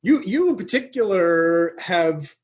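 High-pitched, with a breathy edge, this podcast host talks enthusiastically and very animatedly in a relaxed conversation. He halts, starts over and repeats words as he hunts for the right ones.

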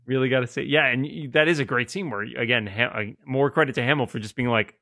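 A man's voice: mid-range voice, fast talker, vocal fry, pushed and bright, no echo. Joking man in a dry-sounding podcast. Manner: joking, conversational. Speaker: podcast co-host. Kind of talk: casual film discussion.

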